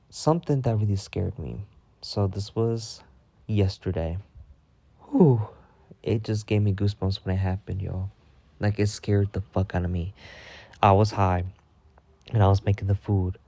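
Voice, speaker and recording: Mellow-voiced man gossiping in a storytime vlog. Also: unhurried, gravelly, long pauses, dry recording, highs cut off. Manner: profane, animated gossiping with sudden high-pitched quoted outbursts. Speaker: storytime vlogger. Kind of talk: casual storytime.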